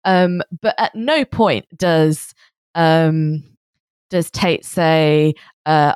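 A woman's voice: sits low, drawn-out words, darkish tone, clean tone, dry recording, studio quality. A woman co-hosting a podcast in casual chat, speaking hesitantly with many hedges.

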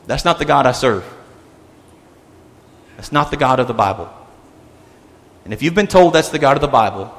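A pastor preaching a sermon, emphatic and repetitive, swinging between loud declarations and hushed asides. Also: male voice, mid-range voice, lively intonation, normal speed, pauses often. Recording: long hall reverb.

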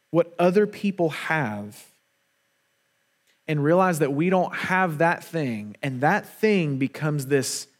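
A man preaching a sermon to a congregation, earnest and emphatic, often repeating words for weight. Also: fairly high pitch. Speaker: pastor.

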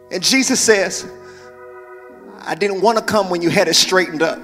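High-voiced, bright male preacher in a hall. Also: moderate pace, pauses often. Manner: preaching with rising intensity, then dropping into quiet prayerful speech; repetitive call-and-response exhortation. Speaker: pastor. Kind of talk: sermon. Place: church sanctuary. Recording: reverberant church hall with music. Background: music from church musicians.

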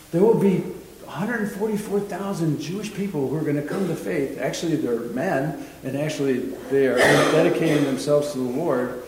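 A man's voice: a little high, a little mellow. Chatty man teaching in an echoey hall. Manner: chatty, rambling, chuckles often. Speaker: Bible teacher. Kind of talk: informal Bible class teaching. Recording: very echoey room, faint noise.

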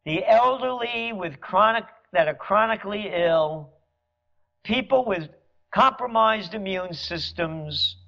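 Man, impassioned rant, sarcastic, gravelly voice, dull lo-fi sound. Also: high voice, lively intonation, slow, pushed and bright. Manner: fiery, sarcastic, mocks officials in mimicking voices. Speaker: commentator. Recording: dull lo-fi recording.

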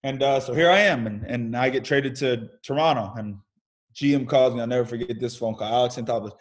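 A man's voice: medium pitch, fairly quick. A young American man telling candid stories about his career in a casual interview over a video call. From United States. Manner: lively storyteller, casual and candid, mild swearing. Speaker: podcast guest, pro baseball player.

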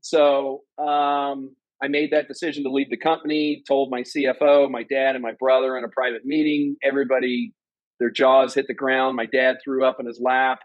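A man's voice: normal speed, no echo, highs cut off. Earnest man telling his story. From Ohio, USA. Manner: earnest, animated storyteller who acts out quotes in a higher voice. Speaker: guest, former company president. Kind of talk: personal storytelling in an interview.

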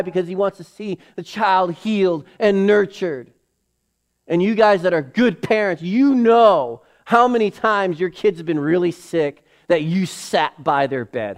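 Male pastor, middle-aged, unhurried sermon delivery, pitch on the high side, emphatic and dramatic. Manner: preaching with emphatic rises, drops to low acted inner voices.

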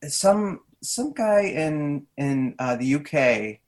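A man in his thirties, a podcast guest chatting casually in his early-morning voice, hesitant and quick to laugh. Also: fairly high pitch, lively intonation, darkish tone. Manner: hesitant, laughs often, many restarts. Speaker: podcast guest, trivia host. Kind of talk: casual chat.

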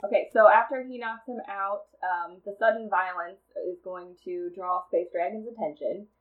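A woman co-hosting a comedy podcast, casually pitching a movie plot with lots of fillers and frequent laughter. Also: moderate pace, phone-quality sound. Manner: rambling storyteller, laughs often, many fillers.

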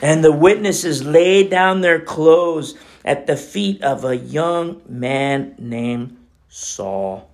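Gravelly man preaching a casual sermon. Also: on the high side, drawn-out words. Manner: animated, swinging from emphatic outbursts to hushed near-whispers. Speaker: pastor. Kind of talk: conversational sermon.

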